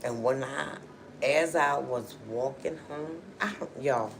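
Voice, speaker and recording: A woman's voice: very deep voice, slow pace, vocal fry, slight background noise. A woman telling a personal story to her livestream viewers in a chatty, emotional way, full of "you know" and "okay". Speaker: livestream host.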